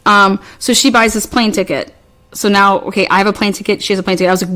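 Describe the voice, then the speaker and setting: A woman recounts a story in casual podcast chat, swearing often and sounding fed up as she rambles and restarts. Her pitch sits in the middle range. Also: steady tone, quick pace, bright, forceful tone. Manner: profane, exasperated, rambling with many restarts.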